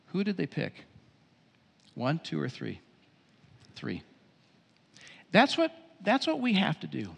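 A high-voiced man delivers a sermon with emphatic, repeated phrases. His voice rings through a church venue with a long reverb tail. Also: huge pitch swings, vocal fry, fairly bright tone, slightly rough. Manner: emphatic preaching with repeated phrases, drops low and quick for storytelling. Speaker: pastor.

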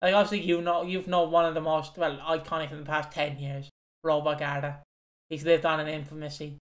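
A young man with an Irish accent chats loosely as a podcast co-host, his voice sitting a touch high for a man. He rambles, swears freely and breaks into giggles between his points. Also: level tone, a little fast. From Ireland. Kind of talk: casual chat.

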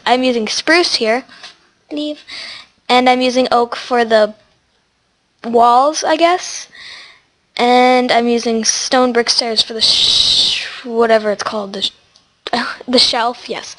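A woman's voice: a little high, slow, long pauses, a bit bright. A teenage girl with a stuffy, sniffly voice, chatting casually and rambling as she hosts a gaming tutorial. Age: teens. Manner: chatty, rambling, talks to animals in game. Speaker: gaming channel host. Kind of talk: casual gameplay tutorial chat.

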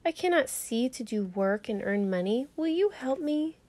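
A woman's voice: high-pitched, expressive, normal speed, a little mellow, no echo. A woman voicing a poor blind man who begs by the road and cries out for help, in a children's storybook reading. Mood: pleading. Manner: pleading, raised voice.

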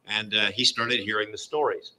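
Bright-voiced man telling a long story. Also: on the low side, fairly even intonation, moderate pace, poor audio. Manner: rambling, filler-heavy retelling with acted-out quotes. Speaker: guest storyteller. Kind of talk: casual spoken storytelling.

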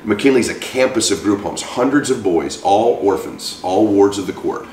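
A man's voice: on the low side, normal speed, far from the mic, a little hiss or hum. Man in his forties telling a story from off-mic. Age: 40s. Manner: animated storyteller acting out quoted voices. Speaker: guest. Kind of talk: storytelling interview. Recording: roomy, from off-mic.

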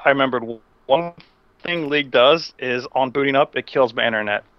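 A young man co-hosting a casual online show, explaining things haltingly with many fillers while gaming. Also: medium pitch, dry recording, highs cut off. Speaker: podcast co-host.

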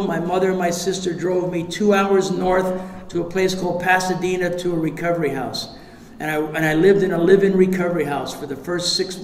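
A man sharing his recovery story at a meeting, animated and acting out the voices of others, sometimes shouting for effect. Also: sits high, a little hiss or hum. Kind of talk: recovery share to a live audience. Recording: echoey hall recording with audience.

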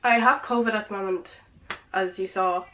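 A woman's voice: mid-range voice, fairly even intonation, normal speed, bright, forceful tone, a little hiss or hum. A teenage woman chatting through a present haul, out of breath, saying "like" and "um" constantly. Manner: chatty, filler-heavy, lots of "like" and "um". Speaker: vlogger. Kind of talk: casual present haul vlog. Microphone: camera with ring light.

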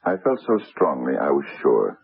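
An actor playing an anxious, dull middle-aged stockbroker in an old radio drama, hesitant and stammering. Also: male voice, very deep voice, huge pitch swings, fairly quick, gravelly, breathy edge, dry recording, heavily acted. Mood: earnest. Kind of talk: 1970s radio drama acting.

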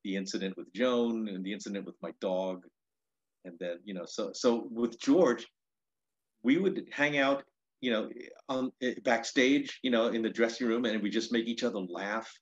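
A man's voice: lowish voice, normal speed, dull audio. A male stand-up comedian recounting his career in a rambling, casual way, full of restarts and 'you know'. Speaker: stand-up comedian, interview guest. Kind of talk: casual storytelling.

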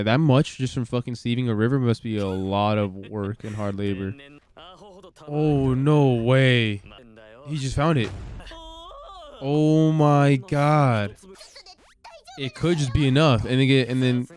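A young man reacting to an anime episode in casual, excitable commentary, swearing and calling out "brother" as he watches. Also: mid-range voice.

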